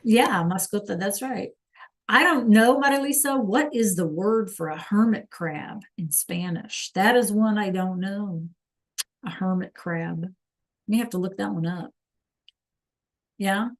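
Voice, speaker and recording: A woman teaching a live online language class, slowly sounding out words for students to repeat and encouraging them by name. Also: mid-range voice. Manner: slow careful enunciation of words for students to repeat. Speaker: Spanish teacher.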